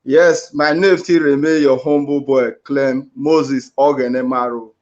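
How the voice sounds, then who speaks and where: A man's voice: mid-range voice, fairly even intonation, measured pace, darkish tone. A Nigerian man from Delta State introducing himself at a meeting in a polite, formal way. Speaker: meeting participant. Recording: dull lo-fi audio.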